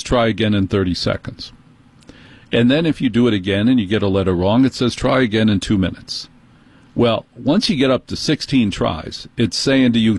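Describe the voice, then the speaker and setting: Middle-aged New Yorker, husky voice, dry close sound, sarcastic indignant storyteller. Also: male voice, medium pitch, darkish tone, no echo. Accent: New York. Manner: exasperated, sarcastic, rant-like.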